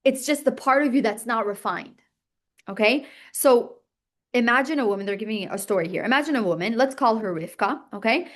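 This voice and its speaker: A woman teaching a class in a bright, chatty manner, her voice sitting a little high. She keeps checking in with her listeners, asking "okay?" and "right?", and rushes through restarts as she explains. She acts out inner voices to make her points. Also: expressive. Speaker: teacher of a religious text class. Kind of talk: classroom lesson.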